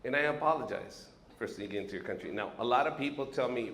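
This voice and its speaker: Gravelly man doing stand-up. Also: mid-range voice, fast, few pauses, slight background noise. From Mexico. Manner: animated storytelling, acts out characters, laughs between bits. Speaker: comedian. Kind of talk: stand-up comedy. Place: stage at a live venue. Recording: roomy live venue sound.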